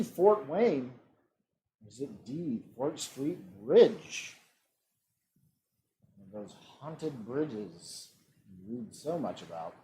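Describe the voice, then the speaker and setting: A man hosting an online trivia game. He reads out multiple-choice questions and adds relaxed joking asides. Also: a little high. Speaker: trivia quiz host.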